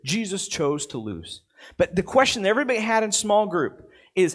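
A man delivers a sermon with lively, swinging intonation. He throws rhetorical questions at his listeners and repeats key phrases for emphasis. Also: high voice, fairly quick. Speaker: pastor.

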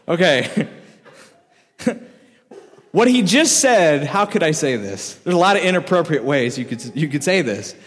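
A man's voice: on the high side, moderate pace, long pauses. A man preaching a casual, joking sermon to a crowd, telling a story with frequent laughs. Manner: joking, animated, laughs often. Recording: echoey hall reverb.

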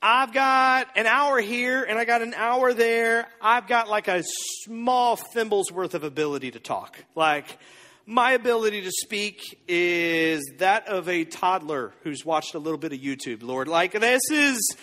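A man preaching a sermon as pastor, telling a story with animated dialogue and acting out the characters. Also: high voice, measured pace, long reverb tail.

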